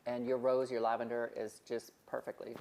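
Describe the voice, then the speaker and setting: A man's voice: medium pitch, little pitch movement, a little fast, creaky, darkish tone. Man, live-stream co-host, playful joker, slight background noise. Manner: playful, joking banter. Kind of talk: casual live-stream chat.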